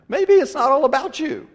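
A preacher acting out Jesus in a raised, pleading voice, slow and earnest, coaxing a friend to trust him. The words are drawn out with gentle insistence, and a long hall reverb trails behind every line. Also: male voice, very high voice, lively intonation, pitched above the performer's own voice, heavily acted. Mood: insistent. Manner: pleading, conversational, stretching words slowly.

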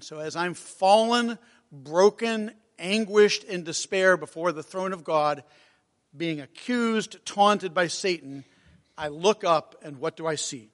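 A man preaching a sermon, earnest and emotional, reading hymn lines slowly. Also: a little high. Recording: long hall reverb.

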